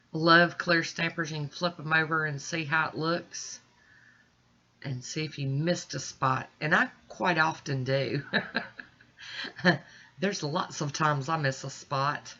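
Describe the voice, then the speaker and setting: A woman with a deep voice and sharp tone, her sinuses stuffy and congested, chats reassuringly to viewers while walking through a nail art tutorial at home. It's casual step-by-step narration, and the recording is muffled.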